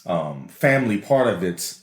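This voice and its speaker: Low-voiced New man co-hosting a chat podcast; rambly, restarts a lot; roomy recording. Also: animated, normal speed. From New Orleans. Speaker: podcast co-host. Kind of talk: casual chat. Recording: roomy echo.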